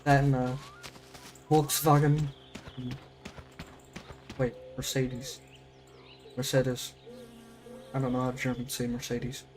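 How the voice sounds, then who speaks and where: A man's voice: medium pitch, little pitch movement, slow pace, long pauses. A young American man chatting casually on a game live stream, rambling and sounding out foreign words as he plays. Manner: rambling, self-questioning, trying out German words.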